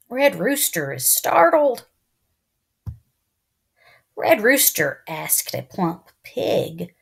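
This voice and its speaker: A woman teacher reading a picture book aloud to young children, expressive, with hushed asides to her listeners. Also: fairly low pitch, slow pace.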